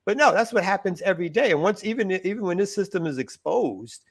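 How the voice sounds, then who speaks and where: A man's voice: high-pitched, expressive, husky. A man co-hosting a morning talk show, making an earnest case with repeated, stacked phrases. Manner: earnest, fast-building argument with repetitions. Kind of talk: casual political chat.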